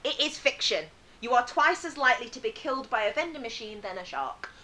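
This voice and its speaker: A woman's voice: a little high, expressive, fairly quick, pushed and bright. A woman co-hosting a podcast, running a fact-or-fiction quiz in casual chat and laughing often.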